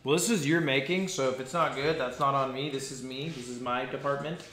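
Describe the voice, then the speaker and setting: A man's voice: medium pitch, fairly even intonation, fairly quick, fairly bright tone. A man joining a cooking stream, bantering in a dry, teasing way. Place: home kitchen. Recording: echoey room, faint background music.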